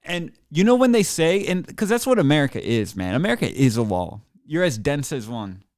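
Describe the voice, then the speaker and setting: A man rants from a small studio room in a heated, mocking streamed monologue, swearing freely. His voice sits a bit high for a man, and the sound is close and dry with no room echo. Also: very animated, fairly quick, a little mellow. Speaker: drummer streaming a rant. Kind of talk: profane sarcastic rant to camera. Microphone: computer mic while seated.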